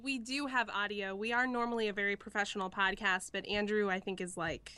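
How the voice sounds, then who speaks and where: Woman co-host, bright and lively, dry close sound. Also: medium pitch, fairly quick, clean tone, no echo. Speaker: podcast co-host. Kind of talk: casual podcast chat.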